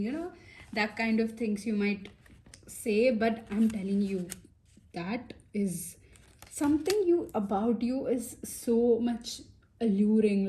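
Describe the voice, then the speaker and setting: A woman talks through a tarot reading at an unhurried pace. Her voice is mellow and relaxed, and she keeps up a chatty, reassuring flow full of fillers and little asides. Now and then her voice drops close to a whisper. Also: medium pitch. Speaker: tarot reader. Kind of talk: casual pick-a-pile tarot reading.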